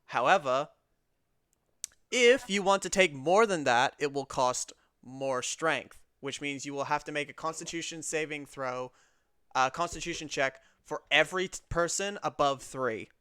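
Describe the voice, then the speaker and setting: A man's voice: on the high side, unhurried, sharp tone, clean tone, no echo, studio quality. A man running a tabletop game as dungeon master, explaining rulings step by step.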